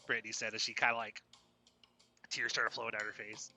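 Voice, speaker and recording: A man's voice: lowish voice, flat delivery, a little fast, sharp tone. A man hosting a podcast, telling an improvised horror story in a casual, rambling way with frequent restarts. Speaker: storyteller host.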